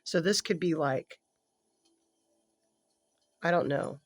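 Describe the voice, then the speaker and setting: Gentle and empathetic, a tarot reader delivers a casual spoken reading to a client who can't be seen, thinking aloud haltingly and self-correcting. The voice is mid-range and sometimes sinks to a soft murmur.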